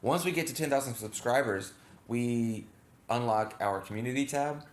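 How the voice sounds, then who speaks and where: A man's voice: mid-range voice, moderate pace. A man co-hosting a casual reaction chat, rambling with lots of fillers and self-corrections. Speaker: channel co-host. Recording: echoey room.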